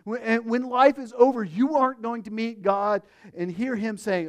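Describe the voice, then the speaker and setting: A pastor preaching a sermon, earnest, dropping to hushed phrases and rising to emphatic ones. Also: male voice, very high voice, steady tone, normal speed.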